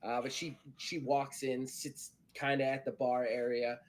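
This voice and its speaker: A man's voice: mid-range voice, level tone, unhurried. A man narrating as game master, loose and chatty with many fillers. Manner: loose, filler-heavy narration with frequent laughs. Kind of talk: narrating a tabletop role-playing game.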